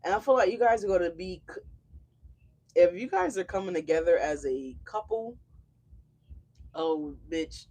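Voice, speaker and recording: Tarot reader doing a live reading, mid pitch, gushy and slangy, swears a lot, talks right to the viewers. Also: animated, normal speed, pauses often, darkish tone. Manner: effusive, slangy and profane, exclamatory. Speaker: tarot reader, channel host.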